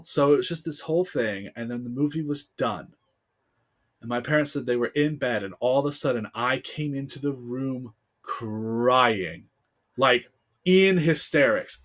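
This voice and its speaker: A man's voice: mid-range voice, a little slow, fairly bright tone. A podcast guest in his thirties with a man's voice, from the United States, telling a personal story in casual interview chat, heartfelt and full of fillers. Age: 30s.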